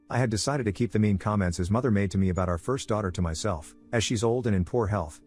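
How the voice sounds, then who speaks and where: Male narrator, lowish voice, quick steady read, faint music bed underneath. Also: husky. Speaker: story narrator. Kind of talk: scripted narration of an online story.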